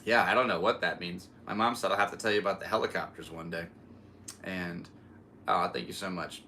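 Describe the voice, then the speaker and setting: A man's voice: sits low, fairly even intonation, brisk, bright, forceful tone, slight background noise. A man who is a comedian, hosting his podcast in a casual solo chat, rambling and laughing as he talks. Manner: rambling, laughs often, restarts a lot.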